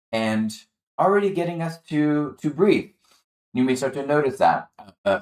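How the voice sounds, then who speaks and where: Calm low-voiced man guiding chair yoga. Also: echoey room. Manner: calm, encouraging, guiding the breath step by step. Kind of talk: guided exercise instruction.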